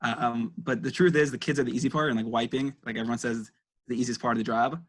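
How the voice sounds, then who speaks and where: A man's voice: mid-range voice, steady tone, quick pace. A young man speaking as a guest in a casual interview, answering in a thoughtful way with many fillers.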